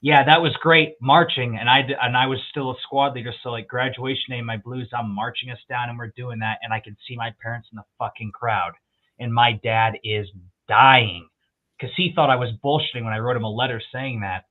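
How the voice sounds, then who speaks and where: A man's voice: mid-range voice, a little fast. Profane storytelling man on a tinny line. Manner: profane, animated storyteller, quotes others in voices. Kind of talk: casual storytelling chat.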